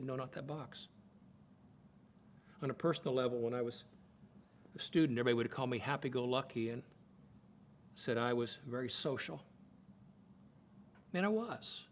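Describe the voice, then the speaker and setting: A man's voice: medium pitch, a little hiss or hum. An older man giving a folksy, conversational teaching talk at a Bible college, often repeating words as he thinks aloud.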